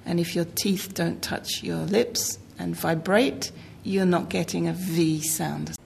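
English teacher lady, lowish gravelly voice, faint noise behind. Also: slow pace. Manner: patient, explanatory. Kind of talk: interview clip.

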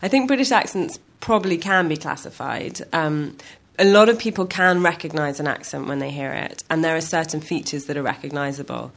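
Woman talking about accents, slightly low voice, kind of thoughtful. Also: brisk, gravelly. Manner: thoughtful, explains with hedging fillers. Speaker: accent and pronunciation expert. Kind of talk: recorded interview clip.

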